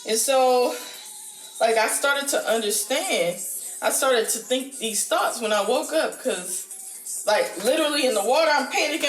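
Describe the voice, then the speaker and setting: A woman vlogger telling a spiritual dream story to camera in a casual, animated way, with casual slang. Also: measured pace. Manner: animated, acts out her panic in a high squeaky voice; casual slang, says "y'all". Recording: roomy echo with faint music behind.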